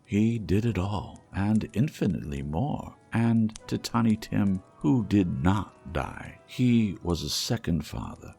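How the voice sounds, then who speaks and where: An audiobook narrator with a deep, gravelly male voice reads a classic storybook tale at an unhurried pace. His expressive delivery swings widely in pitch and drops into hushed asides, over faint background music.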